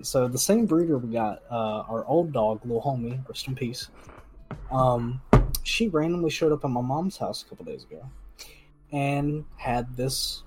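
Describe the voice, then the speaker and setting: A young man co-hosting a casual podcast, talking in a relaxed, rambling way with lots of fillers. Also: mid-range voice, low-quality recording. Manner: laid-back, rambling with fillers. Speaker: podcast co-host. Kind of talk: casual chat.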